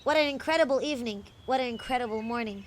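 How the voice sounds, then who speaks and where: A woman's voice: fairly high pitch, fast, slight background noise, lightly acted. A woman voicing a weary young man savoring food and a peaceful morning. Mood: dreamy.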